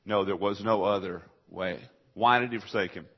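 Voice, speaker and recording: A man delivers a sermon in a husky voice, throwing rhetorical questions at his congregation and answering them himself. His delivery swings from hushed, low passages to loud, high-pitched emphasis. The recording is dull and lo-fi. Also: moderate pace. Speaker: pastor.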